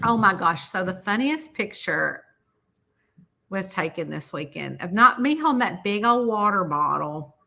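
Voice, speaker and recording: A middle-aged woman, chatting casually with viewers on a livestream about her books. She talks in an animated, chatty way and laughs often. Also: a little slow, gravelly, slight background noise. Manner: chatty, animated, laughs often, quotes people in high voices. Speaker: mystery author hosting a livestream.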